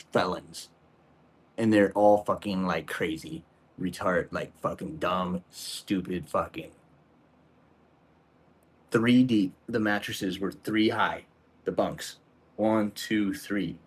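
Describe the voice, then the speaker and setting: He cooks on stream and spins meandering tales full of casual swearing and slang, his lowish voice carrying a breathy edge.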